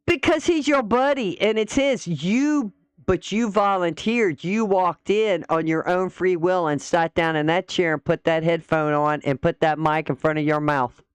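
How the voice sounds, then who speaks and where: Woman host, mocking reaction commentary, smooth clear voice, dry close sound. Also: lowish voice, moderate pace, dry recording. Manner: mocking, dismissive.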